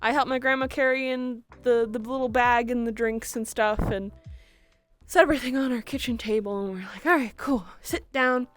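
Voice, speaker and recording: A young woman streamer telling a story casually in an animated way, laughing often. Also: a little high, fairly quick, soft background music.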